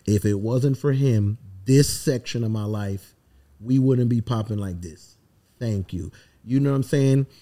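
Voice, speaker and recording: A man's voice: mid-range voice, a little slow, dark tone. A middle-aged man from the Virgin Islands, a songwriter guest talking emphatically and from the heart in a casual podcast interview.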